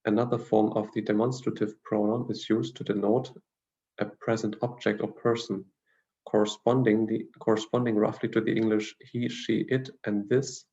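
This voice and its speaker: Male language teacher, dark gravelly tone, steady explanatory lecture, muffled lo-fi audio. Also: fairly low pitch. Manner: measured, explanatory, with frequent fillers and restarts. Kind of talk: lecture reading grammar notes.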